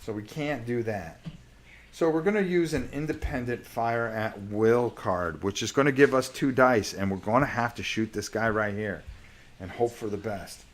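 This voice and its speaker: A man's voice: mid-range voice, normal speed. A man with a sore voice hosting a live stream, playing a solo board wargame and thinking aloud as he checks the rules. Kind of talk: casual live-stream gameplay commentary.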